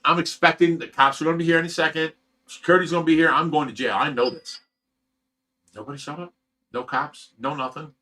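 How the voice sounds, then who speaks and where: A man telling a rough, profane story in casual chat as a host. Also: fairly high pitch, bright, forceful tone. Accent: Ohio. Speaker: fish rescue host.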